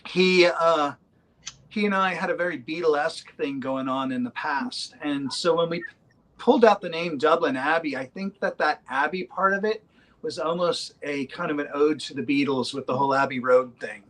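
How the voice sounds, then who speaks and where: A man with a somewhat high voice chats loosely about his band. He wanders through his thoughts, pausing often with fillers. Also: fairly bright tone, rough recording. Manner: rambling, hesitant with many ums. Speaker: band member. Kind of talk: casual interview chat.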